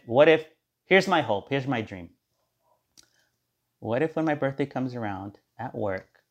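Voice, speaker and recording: Rambling sarcastic man, podcast monologue. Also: lowish voice. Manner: rambling, sarcastic, mock-cheerful impressions of coworkers. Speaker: podcast host. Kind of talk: casual monologue.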